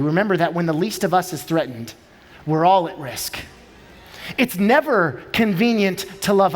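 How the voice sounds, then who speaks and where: A male pastor preaching a sermon in a church sanctuary, emphatic and building rhetorical lists. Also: high voice. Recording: long church hall reverb.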